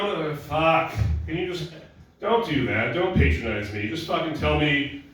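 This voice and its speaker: A male stand-up comedian ranting in a profane, deadpan way at a live show, sometimes mocking other people's voices. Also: a little high, normal speed, recorded from a distance. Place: small club with audience laughter. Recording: very echoey room, voice off-mic.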